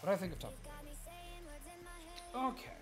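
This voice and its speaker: Chatty male streamer, slightly high voice. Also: sing-song, brisk, fairly bright tone, faint music behind. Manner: chatty, answers chat, laughs easily. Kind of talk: casual live-stream chat.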